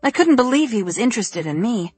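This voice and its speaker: A gossipy young woman chatters in a high, breathless voice, as a woman narrator puts her on. The audiobook sound is dry and close. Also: big pitch swings, fairly quick, darkish tone, husky, no echo, faint music behind.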